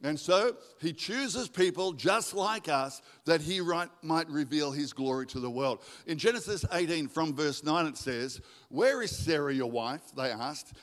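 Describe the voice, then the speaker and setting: A man preaching a sermon in a church, animated and joking with the congregation. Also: on the high side, a little slow, few pauses. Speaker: guest preacher. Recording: echoey hall with long reverb.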